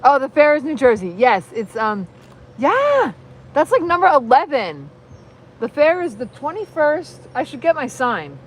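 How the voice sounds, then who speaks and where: A woman hosting a casual live stream, chatting in a rambling, excitable way. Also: high-pitched, normal speed, rough recording. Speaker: livestream host.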